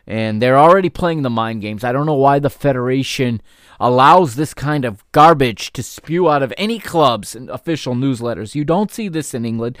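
A man hosts his own podcast in a dry, close sound with no room around his voice. His pitch sits in the middle for a man. He talks with indignant heat and swears freely when he gets worked up. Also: no echo. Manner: heated, indignant ranting with outbursts of swearing; rises from calm explanation into loud, stressed outrage. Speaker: podcast host. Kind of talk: solo podcast commentary.

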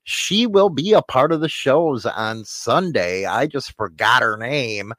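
A man's voice: medium pitch, lively intonation, a little slow, fairly bright tone, dry recording. A man hosting a podcast, talking in a blunt, profane, joking way. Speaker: podcast host. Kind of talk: casual banter.

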